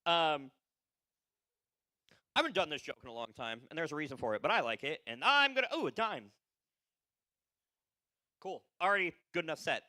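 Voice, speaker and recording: A tired male comedian at an open mic rattles through a profane, rambling set, laughing at his own jokes. His high, sing-song voice swings widely and sounds bright and sharp at a quick pace, in a dry, close recording.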